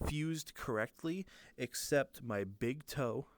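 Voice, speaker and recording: A man spinning a rambling anecdote on a podcast, restarting sentences and swearing as he goes. His voice sits at an everyday middle pitch. It is recorded dry, with no room sound. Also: slow, dry recording. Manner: swears freely, laughs mid-story, rambling. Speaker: podcast co-host. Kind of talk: casual storytelling.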